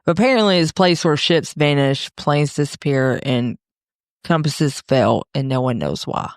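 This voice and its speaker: A woman with a Southern US accent co-hosting a podcast in casual chat, bubbly and quick to apologize. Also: low voice, dry recording, clean studio sound. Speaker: podcast co-host.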